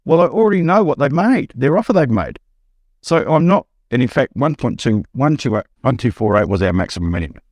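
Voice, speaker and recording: A middle-aged Australian man, a buyer's agent, telling an animated anecdote on a podcast and acting out the quotes. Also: brisk, dry recording. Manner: storytelling, acts out quotes with rising pitch.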